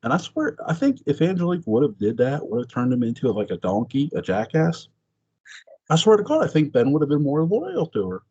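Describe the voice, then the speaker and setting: A man chatting casually as a podcast host, excitable and swearing freely, his voice jumping up high when he exclaims. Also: brisk, hardly any pauses, husky, dull audio. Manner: swears freely, laughs often. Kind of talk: casual chat.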